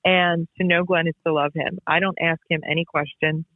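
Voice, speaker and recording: A woman's voice: on the low side, steady tone, normal speed, no echo. A woman, a basketball referee, tells stories in a casual interview, emphatic and repetitive. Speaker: basketball referee and podcast guest. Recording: tinny phone-line sound.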